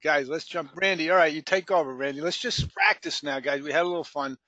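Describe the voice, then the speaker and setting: A man's voice: a little high, fast talker, bright, forceful tone, no echo, muffled recording. A man hosting a live sales training call, joking with the group and calling on people by name.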